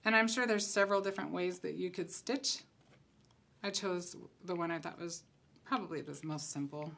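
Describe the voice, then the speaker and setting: A woman with a lowish, creaky voice talks at a normal speed during a casual craft tutorial. She's a concept designer who chats in a relaxed manner and thinks aloud as she works at her table.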